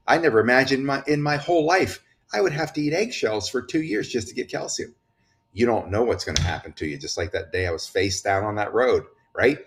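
A man talking in an impassioned, preachy way, issuing urgent warnings as a commentator. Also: lowish voice. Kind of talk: impassioned political talk.

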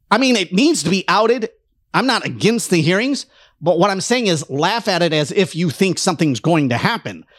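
A man's voice: sits high, a bit bright, no echo, studio quality. A man delivering an impassioned political rant, heated and emphatic, mocking his opponents in quoted voices. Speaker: political commentator.

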